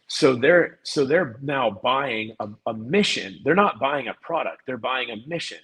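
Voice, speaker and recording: A man as a podcast guest, telling a story in a casual, animated way and often repeating and restarting words. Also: medium pitch, a little slow, husky, low-quality recording.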